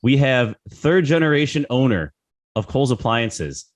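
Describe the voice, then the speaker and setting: Slightly hoarse podcast host. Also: male voice, mid-range voice, a little slow. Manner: relaxed, stammers and repeats words. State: slightly hoarse, lost voice a little. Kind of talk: casual podcast chat.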